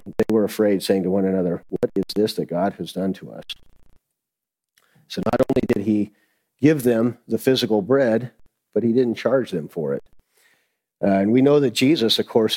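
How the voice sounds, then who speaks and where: A man's voice: fairly low pitch, a little mellow, poor audio. A man giving a conversational sermon as a Bible teacher, reading scripture aloud and then explaining it in loose everyday talk.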